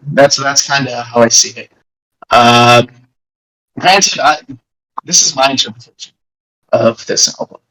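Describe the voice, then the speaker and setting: A man's voice: medium pitch, normal speed, bright, forceful tone, breathy edge, rough recording. A young man hosting a casual podcast, explaining an album in a rambling, jokey way with lots of restarts. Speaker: podcast host.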